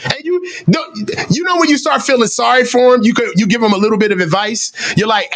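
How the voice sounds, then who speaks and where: A man giving live, profane fan commentary on a football game, ranting in exasperation and shouting when excited. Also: very high voice, fast. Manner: profane, exasperated, rants and mocks the coach.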